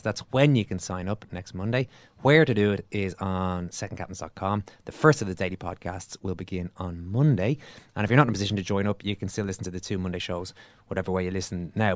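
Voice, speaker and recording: Irish man, podcast host, quick and upbeat, mid-pitched, dry close recording. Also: no room sound. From Ireland. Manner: brisk, upbeat promotional delivery. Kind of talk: podcast chat and sponsor-style announcement.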